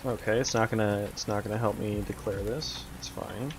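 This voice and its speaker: A man streaming his game development work from home, talking himself through the code in a rambling, halting way. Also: lowish voice, fairly even intonation, noisy background. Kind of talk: casual livestream, thinking aloud while coding.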